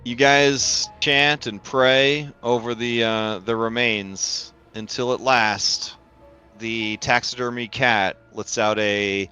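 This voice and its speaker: A man narrating a tabletop game as game master, in a casual, halting way with many fillers. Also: medium pitch, steady tone, bright, forceful tone, smooth, soft background music.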